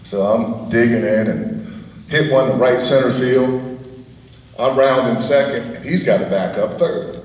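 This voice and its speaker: A middle-aged man giving a guest speech at an event, telling anecdotes in a lively way and chuckling often. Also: medium pitch, unhurried. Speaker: guest speaker. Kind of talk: storytelling speech. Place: event hall. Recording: echoey hall, voice from far off.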